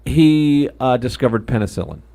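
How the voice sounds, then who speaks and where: A man's voice: mid-range voice, lively intonation, normal speed, dark tone. A man co-hosting a casual late-night chat, answering with short, dry, wry asides. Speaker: co-host.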